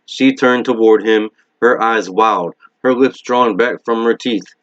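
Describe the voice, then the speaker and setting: Low-voiced man reading a novel aloud. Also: a little slow, fairly bright tone, dry recording. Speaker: reader. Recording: dull lo-fi recording.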